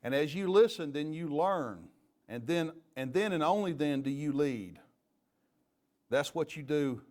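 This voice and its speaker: Folksy police chief telling stories. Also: male voice, on the high side, unhurried. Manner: lively storyteller, folksy and joking. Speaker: police chief and leadership trainer. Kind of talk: leadership training talk with stories.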